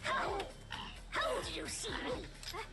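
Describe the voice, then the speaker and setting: A woman's voice: very high voice, big pitch swings, slow, gravelly, full character voice. A woman playing a sweet-seeming old lady who hides a snarling demon, in a played video clip. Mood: sugary. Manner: sugary then menacing. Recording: loud music under a played video clip.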